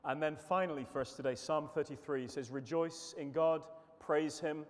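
A man delivering an earnest sermon, his voice pitched a little high for a man. He often stumbles over and repeats his words as he reads and reflects on scripture. His voice rings out with the long reverb of a church hall. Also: steady tone, moderate pace. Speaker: preacher. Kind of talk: sermon walking through psalms.

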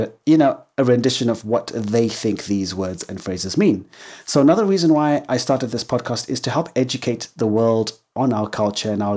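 A man from Zimbabwe with a Zimbabwean English accent, hosting a solo podcast in a chatty way and acting out quoted voices. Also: darkish tone. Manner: chatty, acts out quoted voices with big pitch jumps. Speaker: podcast host.

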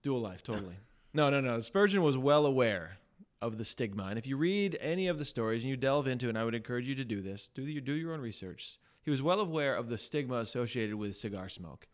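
Guy cohosting a chill podcast, chatty, laughs at himself, mid pitch. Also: animated, fast talker. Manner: chatty, laughs at himself, reads quotes with emphasis. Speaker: podcast co-host. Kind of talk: casual podcast chat and story reading.

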